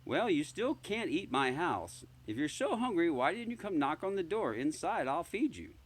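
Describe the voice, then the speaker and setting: A man voicing a fussy, kindly female witch in a storybook reading, with shrill, excitable exclamations. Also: normal speed, husky. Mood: coaxing.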